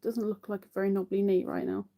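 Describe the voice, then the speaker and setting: A woman's voice: medium pitch, level tone, fast, gravelly, warm tone. A woman hosting a live crochet stream, chatting casually to viewers while she counts her stitches.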